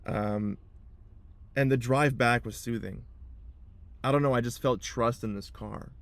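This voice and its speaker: A man's voice: mid-range voice, a little slow, no room sound. A young man talking to camera from inside his car in a rambling personal vlog, repeating himself and holding back tears. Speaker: vlogger.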